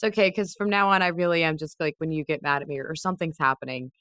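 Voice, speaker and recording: A woman's voice: low voice, fast, a bit bright. A woman co-hosting a podcast in casual chat, candid, swearing freely and laughing often. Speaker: podcast co-host.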